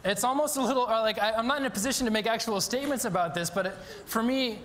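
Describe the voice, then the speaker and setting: A man's voice: extremely high pitch, quick pace, a bit bright. A man giving a live conference talk, explaining a demonstration eagerly with frequent ums and restarts, in a university lecture hall. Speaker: conference speaker.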